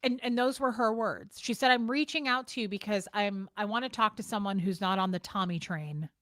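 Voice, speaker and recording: A woman's voice: medium pitch, brisk, a bit bright, no room sound. Woman, vlogger, exasperated casual rant, swears freely, dry close sound. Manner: frank and exasperated, swears, repeats herself. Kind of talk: casual talking-to-camera rant.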